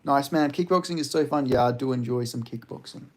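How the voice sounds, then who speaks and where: A man's voice: mid-range voice, a little fast, darkish tone. A man casually chatting on a live stream, rambling and swearing while he answers chat questions. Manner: rambling, profane, reads chat aloud.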